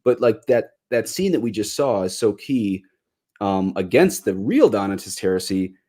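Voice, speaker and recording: A man co-hosting a podcast in casual chat, animated, making quick asides and mock-quoting others. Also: on the low side.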